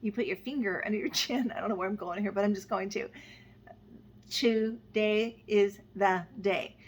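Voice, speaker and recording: Gentle heartfelt woman sharing spiritual advice. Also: medium pitch, quick pace, a little hiss or hum. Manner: gentle, heartfelt, meandering with fillers and soft trailing endings. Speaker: astrologer and spiritual guide. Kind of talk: unscripted spiritual talk to camera.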